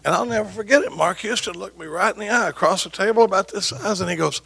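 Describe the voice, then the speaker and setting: A man's voice: sits high, fast talker, creaky, bright, forceful tone, breathy edge. A man, giving a joking, story-filled recovery talk to an audience. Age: 60s. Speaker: recovery meeting speaker.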